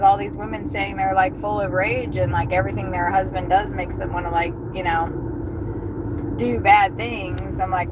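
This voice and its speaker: A woman chats slowly and easily from inside a moving car, reading viewer comments and giggling often. Heavy road noise rumbles under her voice the whole time. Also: steady tone. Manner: chatty, giggly, reads chat aloud. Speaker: livestreaming delivery driver. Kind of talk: casual livestream chat. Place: inside a car while driving. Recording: loud road noise from driving.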